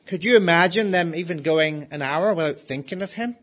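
A man delivers a sermon in a slightly higher-than-average voice. He speaks earnestly and keeps asking the congregation rhetorical questions. He slows down to repeat his key phrases. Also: fairly bright tone. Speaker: preacher.

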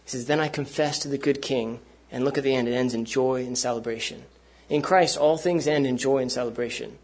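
A man's voice: mid-range voice, brisk. A man preaching a sermon to a gathered congregation in an earnest, conversational way.

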